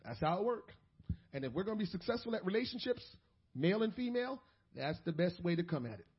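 High-voiced preacher swinging to shouts. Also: male voice, sing-song, fast, husky, lo-fi sound. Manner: swings from quiet asides to shouted, preachy peaks. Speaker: pastor. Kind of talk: sermon.

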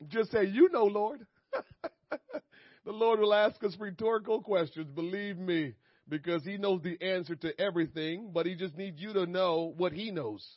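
A man's voice: high voice, moderate pace, dry recording. A man preaching a sermon as pastor, emphatic and repetitive, chuckling between points, recorded dry and slightly muffled.

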